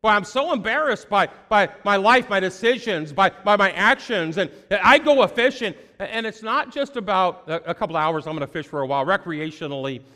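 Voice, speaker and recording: A man preaching a sermon in an earnest, halting way, full of fillers and repeated words. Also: high-pitched, animated, sharp tone, big-room sound.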